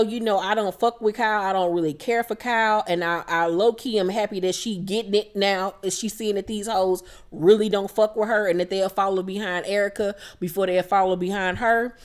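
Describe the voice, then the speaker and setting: Blunt, profane woman recapping reality TV. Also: mid-range voice. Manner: blunt, profane, quotes cast members in quick impressions. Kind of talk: casual recap commentary.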